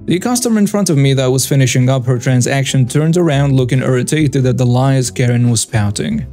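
A man reading out a story in a steady, scripted narration, barely changing his voice for the quoted parts. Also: mid-range voice, brisk, hardly any pauses. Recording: faint music behind the voice.

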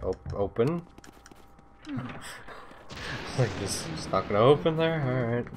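A man playing a video game and talking to himself, with excited outbursts and swearing. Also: mid-range voice, takes it slowly, background noise. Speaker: let's play host. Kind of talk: gameplay commentary. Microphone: desktop USB mic.

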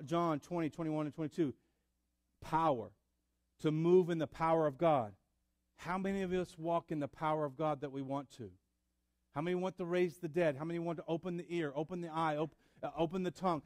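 A man preaching a sermon in church, building up to loud fervor. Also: a little high, no echo. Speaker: pastor. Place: church sanctuary.

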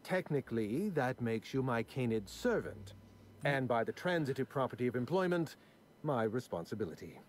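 A man's voice: medium pitch, sing-song, moderate pace, a little hiss or hum, lightly acted. An actor playing a prim, numbers-obsessed aristocratic man in video game dialogue, fussy and condescending with precise diction. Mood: dry.

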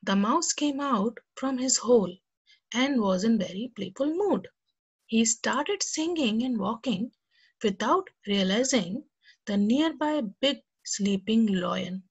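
A woman's voice: on the high side, expressive, takes it slowly, slightly rough, lo-fi sound. Cheerful woman teaching young kids. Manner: cheerful, speaks directly to kids. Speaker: children's teacher. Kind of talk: teaching a lesson to young kids, reading a story aloud.

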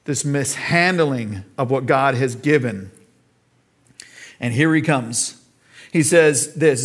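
A man's voice: medium pitch, slow pace, long pauses, breathy edge. A pastor with an American accent preaching an earnest sermon to his church, now and then acting out voices in the story he tells. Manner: earnest preaching, acts out quoted dialogue.

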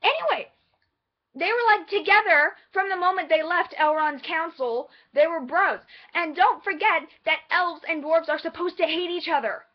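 A woman in a casual vlog, talking in an animated, sassy, enthusiastic way, on a slightly dull lo-fi recording. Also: very high-pitched, moderate pace. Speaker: vlogger.

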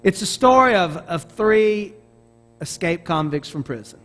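A middle-aged man from Arkansas with a Southern American accent, preaching a sermon as a pastor in an animated storytelling manner with frequent restarts. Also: sits high, unhurried.

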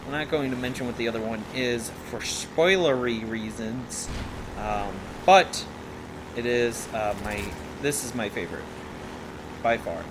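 A man with a medium-pitched voice hosts a let's play at an unhurried pace, giving rambling, playful gameplay commentary and making jokes at his own expense. Game sounds play under his voice, adding background noise.

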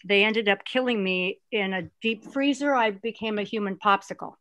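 A woman guest, an actress, chatting and telling stories in an animated way, with a lot of restarts. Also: mid-range voice, normal speed. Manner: animated, rambling storyteller with many restarts. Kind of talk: casual interview chat.

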